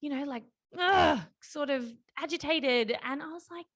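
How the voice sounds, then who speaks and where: A woman in her thirties hosts a relaxed podcast chat, and her voice sits a little high. She talks freely and acts out the voices in her anecdotes, which gives her storytelling plenty of life. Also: measured pace. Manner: chatty, acts out quoted voices. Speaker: podcast host.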